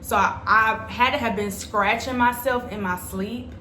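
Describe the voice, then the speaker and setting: A woman's voice: on the high side, steady tone, measured pace, sharp tone, slight background noise. Chatty young woman in an echoey room. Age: young adult. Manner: chatty, dramatic storyteller speaking straight to viewers. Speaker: vlogger. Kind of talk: storytime vlog.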